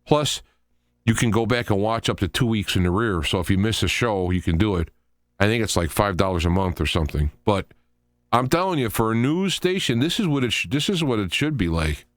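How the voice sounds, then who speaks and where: Low-voiced man hosting rambling commentary. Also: lively intonation, brisk, dry recording, clean studio sound. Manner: rambling, opinionated, thinking aloud. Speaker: show host. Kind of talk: solo political commentary.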